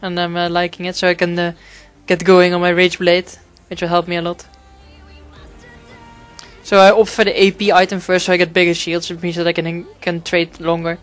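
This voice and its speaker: A man narrating his own gameplay in a loose, rambling way, swearing freely and padding his sentences with fillers. His voice is smooth and clean, but his pitch stays fairly level, with little rise and fall. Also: completely flat delivery, normal speed, a bit bright, faint music behind. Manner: rambling, profane, frequent fillers. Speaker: gaming commentator. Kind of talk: casual gameplay commentary.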